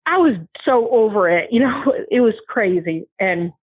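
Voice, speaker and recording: A woman's voice: fairly high pitch, lively intonation, a little slow, slightly rough, dry recording. A woman earnestly recounting a frightening personal ordeal, often restarting and acting out what others said to her. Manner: earnest, restarts often, acts out quoted voices. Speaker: guest telling her story. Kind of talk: emotional personal testimony. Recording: tinny phone line.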